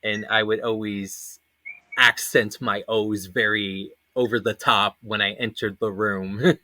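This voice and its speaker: A man's voice: on the low side, fairly even intonation, slow pace, bright, forceful tone, no room sound. A man in his thirties hosting a casual panel chat, telling rambling stories with lots of fillers and frequent laughter. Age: 30s. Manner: laughs often, rambling anecdotes with many fillers. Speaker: panel host.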